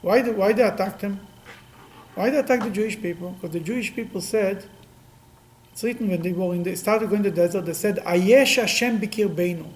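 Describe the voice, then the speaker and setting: Animated rabbi teaching Talmud. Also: male voice, sits high, fairly quick, slight background noise, poor audio. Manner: lively, acts out quotes, frequent restarts.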